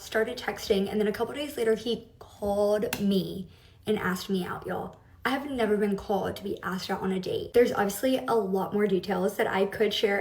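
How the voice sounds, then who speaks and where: A woman's voice: medium pitch, distant mic, slight background noise. Bubbly young woman vlogger, confiding chat, roomy echoey sound. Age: young adult. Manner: bubbly, confiding, laughs between words. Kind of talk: casual get-ready-with-me chat. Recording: roomy echo.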